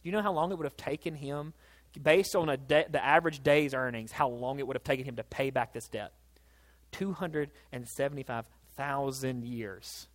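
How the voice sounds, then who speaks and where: A man preaching a sermon, telling a Bible story in a casual, animated way that builds to excited peaks. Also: fairly high pitch. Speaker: pastor.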